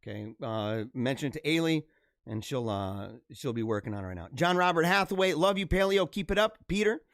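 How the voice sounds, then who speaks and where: A man's voice: on the high side, animated, fairly quick, a bit bright, dry recording, studio quality. A man in his thirties hosting a live stream, reading viewer comments in fervent, slangy casual talk with lots of emphatic repetition.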